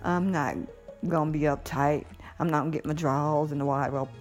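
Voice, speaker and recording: A woman's voice: deep voice, measured pace, pauses often, soft background music. A middle-aged woman in a casual monologue, giddy and blunt, cursing freely and laughing often. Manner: giddy, animated, swearing freely, frequent laughter. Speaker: vlogger.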